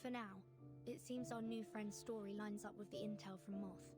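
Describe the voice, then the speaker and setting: An actress voicing a composed young woman in a game, speaking in a polite, measured way. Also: mid-range voice, fairly even intonation, over music, close to an everyday voice. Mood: thoughtful.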